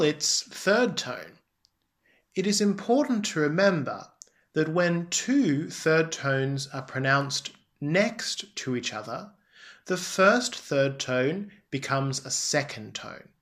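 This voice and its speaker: Woman doing a chinese lesson, super slow, really careful words, pitch swooping all over. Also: lively intonation. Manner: deliberate, careful enunciation with exaggerated tones. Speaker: Chinese language teacher. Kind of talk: slow scripted language lesson.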